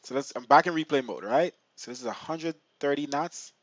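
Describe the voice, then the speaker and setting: A young man live-streaming a flight simulator, chatting excitedly to his viewers and laughing often. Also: fairly high pitch, brisk, no echo, highs cut off. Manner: excitable, laughing, talks to chat.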